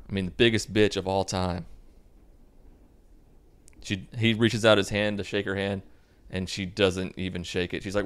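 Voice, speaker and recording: A man's voice: sits low, normal speed. A young man hosting a podcast, recapping a movie in a sarcastic, profane, comic way. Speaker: podcast host.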